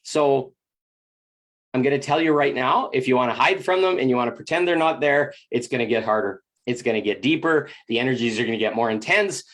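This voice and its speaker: A man giving an earnest, animated spiritual talk, often acting out quoted inner voices. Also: mid-range voice, brisk. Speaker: spiritual teacher.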